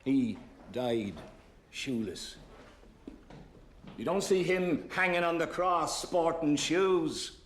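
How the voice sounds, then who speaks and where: An actor playing a stern middle-aged schoolmaster who lectures a class with mocking rhetorical questions. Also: male voice, on the high side, slow, pauses often, roomy sound, a little hiss or hum. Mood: lecturing. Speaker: schoolmaster in a film.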